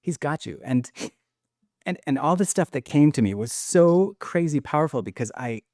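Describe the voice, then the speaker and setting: A man's voice: fairly high pitch, expressive, moderate pace, darkish tone, dry recording, studio quality. A man giving an emotional testimony in casual conversation, rambling with many restarts and choking up at times. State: choked up with emotion.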